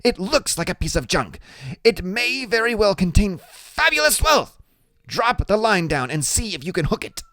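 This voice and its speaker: A small genius boy barks grand orders in a high, lifted voice, as a male audiobook narrator puts him on. He sounds imperious and sure of himself, with pitch that swings widely and crisp, dry audio close to the mic. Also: sing-song, normal speed, pushed and bright, no echo, full character voice. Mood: fierce. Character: small bossy genius boy playing commander. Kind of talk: audiobook character voice.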